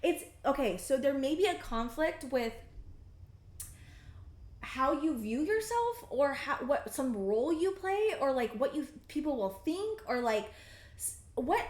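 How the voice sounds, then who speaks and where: A woman in her thirties reads tarot cards in a slightly high voice, her sentences halting and circling back with fillers as she searches for meaning. She speaks with earnest emotional intensity. The sound carries a noticeable echo, as if from a bare room. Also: very animated, a little hiss or hum. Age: 30s. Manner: rambling, halting and earnest, many fillers and restarts; emotionally intense, close to tears at times. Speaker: tarot reader. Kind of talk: pick-a-card tarot reading.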